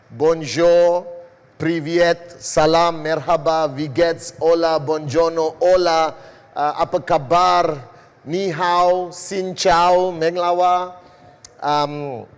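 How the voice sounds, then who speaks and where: A middle-aged man from Malaysia giving a live broadcast business presentation, speaking slowly and deliberately to a worldwide audience. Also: fairly high pitch, in a large hall. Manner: slow, deliberate, addressing a global audience.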